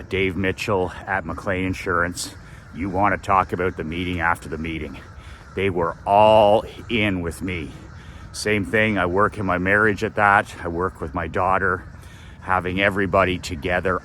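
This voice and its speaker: A man's voice: deep voice, pushed and bright, a little hiss or hum. A man giving a blunt, profane motivational talk as a business coach, repeating his key phrase for emphasis. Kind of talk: motivational monologue.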